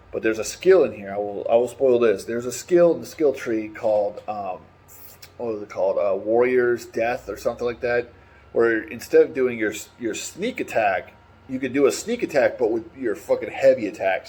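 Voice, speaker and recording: Husky, excitable, profane male vlogger. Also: medium pitch. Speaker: gaming vlogger. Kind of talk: casual opinion chat.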